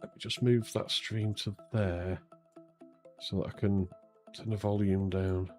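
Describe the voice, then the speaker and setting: A man's voice: lowish voice, level tone, unhurried, darkish tone, faint music behind. A man streaming his sim racing, chatting casually and self-deprecatingly with lots of fillers while he waits for an interview. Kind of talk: casual live-stream chat.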